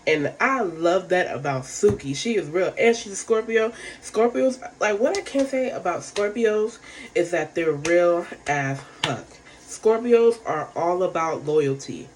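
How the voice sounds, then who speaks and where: A woman's voice: fairly low pitch, darkish tone, a little hiss or hum. Rambling woman recapping a reality show. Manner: rambling, filler-heavy, frank and profane. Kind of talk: casual recap chat.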